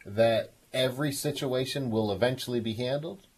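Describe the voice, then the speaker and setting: A man's voice: medium pitch, normal speed, husky. A man hosting a call-in advice show, coaching a caller with enthusiastic encouragement. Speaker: radio show host.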